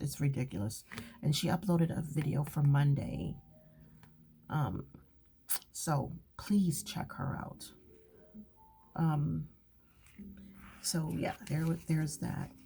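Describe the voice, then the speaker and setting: A woman's voice: deep voice, gravelly, warm tone, a little hiss or hum. A woman chatting casually while journaling, rambling and often dropping to a whisper. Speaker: craft channel host. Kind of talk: relaxed journaling chat.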